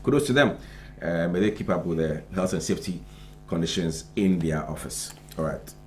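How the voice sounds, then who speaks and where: Deep-voiced Ghanaian male TV co-host. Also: normal speed, a little hiss or hum. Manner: relaxed, chatty, with fillers and chuckles. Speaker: morning show co-host. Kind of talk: news review on live TV. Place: TV studio.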